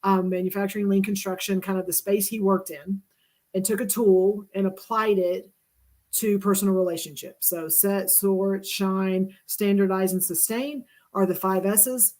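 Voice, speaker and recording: A woman with a medium-pitched voice co-hosts a casual livestream. She gives background in a loose, rambling way, often agreeing with her partner. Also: fairly even intonation, normal speed, a little mellow. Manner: explains with many fillers and restarts, agreeing often. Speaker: co-author and livestream co-host.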